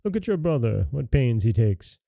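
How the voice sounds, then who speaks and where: A man's voice: mid-range voice, very animated, moderate pace, gravelly, warm tone, no room sound, studio quality. A man reading as an exasperated scolding father. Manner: scolding, sighing.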